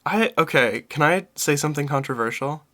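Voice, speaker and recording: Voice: medium pitch, animated, a little fast, pushed and bright. A streamer chatting casually while playing a game with friends, rambling and self-interrupting. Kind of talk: casual gameplay stream chat.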